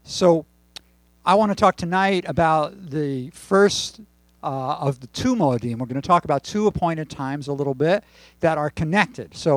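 A man leading a congregation, praying and then preaching conversationally with pauses and fillers. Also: a little high, no room sound. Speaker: congregation leader. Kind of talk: sermon with prayer and joke.

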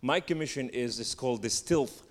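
Lebanese-accented preacher in reverberant hall. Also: male voice, medium pitch. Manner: halting, joking, repeats fillers like "and so therefore". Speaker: guest preacher. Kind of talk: sermon. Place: church sanctuary.

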